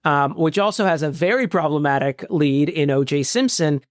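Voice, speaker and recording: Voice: medium pitch, normal speed, no echo. A podcast co-host in casual movie-review chat, wry and self-mocking, rambling with fillers on a close mic.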